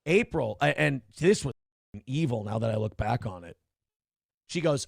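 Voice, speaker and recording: A man's voice: medium pitch, lively intonation, moderate pace, creaky, husky, dry recording, clean studio sound. A middle-aged man hosting a casual livestream, reading out chat comments and talking candidly in a rambling way, with many restarts.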